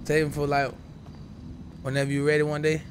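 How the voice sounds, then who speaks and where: Brash high-voiced man coaching in game chat. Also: completely flat delivery, a little hiss or hum. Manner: brash, profane, coaching, quick restarts. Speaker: streamer playing a roleplay game.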